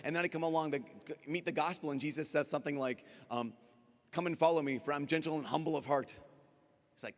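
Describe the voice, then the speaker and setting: A man, a priest speaking at a youth conference, giving a lively talk and acting out dialogue as he tells stories. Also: fairly high pitch, fast talker. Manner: animated storyteller acting out dialogue. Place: large conference hall. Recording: long hall reverb.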